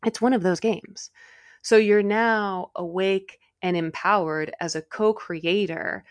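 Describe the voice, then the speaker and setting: A young woman co-hosting a casual podcast, talking excitedly about spirituality, with sudden high, loud bursts. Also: slow pace. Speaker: podcast co-host.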